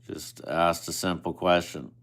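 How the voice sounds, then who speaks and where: Slow, deep-voiced man bantering on a stream. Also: steady tone, a bit bright. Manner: teasing, bantering, swears casually. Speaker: live streamer. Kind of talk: casual live-stream chat with viewers.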